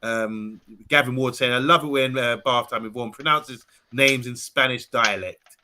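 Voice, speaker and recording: A man hosting a live stream, chatty, reading viewer messages aloud and trailing off softly. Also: medium pitch, normal speed. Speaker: stream host reading chat.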